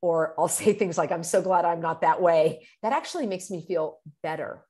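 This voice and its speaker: A middle-aged woman giving earnest, animated self-help advice as a video host, dropping to a hushed tone for the phrases she quotes. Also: fairly low pitch, normal speed. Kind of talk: motivational self-help talk.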